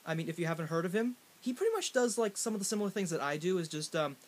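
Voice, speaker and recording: A man with a fairly high voice tells a comic story straight to the camera. He rambles, stops and restarts, and fills the gaps with ums. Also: very animated, rapid-fire. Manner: rambling, with many fillers and restarts. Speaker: vlogger. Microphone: in front of a camera.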